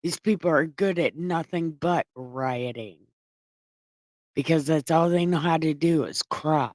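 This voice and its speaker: A woman's voice: low voice, unhurried, a little mellow, no room sound. A woman reading scripture aloud and breaking off into irreverent, profane, sarcastic commentary. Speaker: online Bible reader and commentator.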